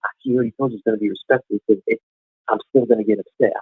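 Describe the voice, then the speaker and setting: A man calling in to a boxing talk show, telling a story in a rapid, heated way. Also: on the low side, fairly even intonation, slightly rough, no room sound. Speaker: caller. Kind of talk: casual chat over the phone. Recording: dry tinny phone line.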